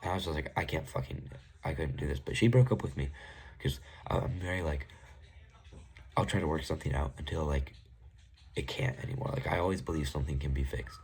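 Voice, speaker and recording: Young male vlogger, very low gravelly voice, rambling exasperated storytelling. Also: brisk, long pauses, darkish tone. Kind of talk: casual storytime rant.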